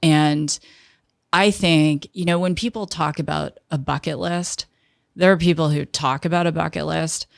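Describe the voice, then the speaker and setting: A middle-aged woman recounts a story in an interview, animated and vivid, slipping into the voices of the people she quotes. Her voice sits low with a gravelly fry, and the sound is close and dry. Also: moderate pace, no echo. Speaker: guest, entrepreneur.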